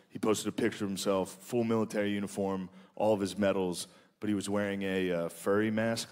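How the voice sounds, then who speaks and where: A man hosting a comedy podcast, telling crude stories with plenty of swearing and laughing through his own punchlines. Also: on the low side. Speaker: podcast host. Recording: noisy background.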